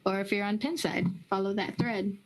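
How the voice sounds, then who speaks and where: Woman, co-host, casual chat, upbeat, laughs easily, mid pitch. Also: steady tone, normal speed, low-quality recording.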